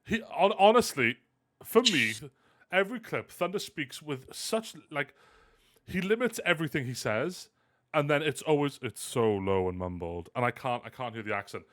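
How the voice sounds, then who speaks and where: A man hosting a casual live stream, animated and self-mocking, often laughing. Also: a little high, normal speed. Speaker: host.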